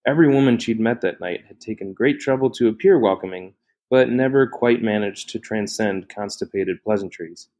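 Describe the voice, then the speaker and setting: Brief: a man reading fiction aloud, low voice, steady and measured. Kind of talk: novel reading.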